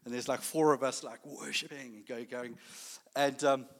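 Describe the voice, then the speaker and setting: A man preaching a sermon, telling a personal story with lively acted-out dialogue. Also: mid-range voice, normal speed, in a large hall. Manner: animated storytelling, acting out dialogue.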